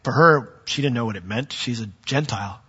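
Husky bright-voiced pastor preaching, acts out stories, dull echoey hall recording. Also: male voice, mid-range voice, brisk. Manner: animated storytelling, acts out voices. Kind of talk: sermon.

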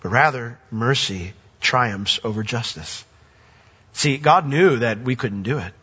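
A bright-voiced man preaching a sermon, leaping up to emphatic high points and then dropping to soft, low asides. His voice rings out with a long hall reverb, heard through a dull, lo-fi recording. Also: lively intonation, measured pace, breathy edge. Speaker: pastor.

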